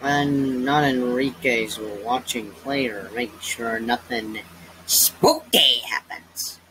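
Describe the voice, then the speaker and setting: A man giving casual, excitable reaction commentary, laughing often and thinking aloud. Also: medium pitch, slow pace, a little hiss or hum, rough recording. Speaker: reaction video host.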